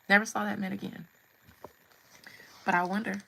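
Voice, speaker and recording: Gravelly woman telling a story. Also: medium pitch, level tone, normal speed, long pauses, fairly bright tone, poor audio. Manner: blunt, humorous storytelling with asides. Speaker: live stream host. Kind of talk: casual storytelling.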